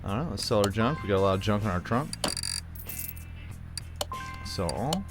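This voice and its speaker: A man's voice: fairly low pitch, animated, normal speed, over music. A man hosting a gaming channel, rambling casually while he plays, his throat still recovering. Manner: rambling, chatty, thinking aloud. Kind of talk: casual gameplay commentary.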